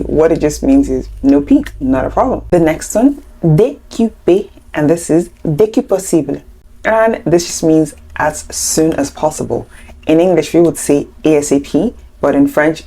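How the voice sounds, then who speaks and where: A woman with a low, mellow voice teaches a language lesson to camera. She explains each point step by step and chats along with light, playful asides. She sounds young and relaxed. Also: moderate pace. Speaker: French teacher.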